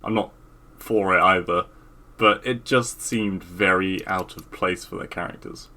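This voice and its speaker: A man's voice: deep voice, a little slow, sharp tone. A man co-hosting a podcast, talking in a laid-back way, trailing off and swearing casually. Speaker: podcast co-host. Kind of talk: casual chat.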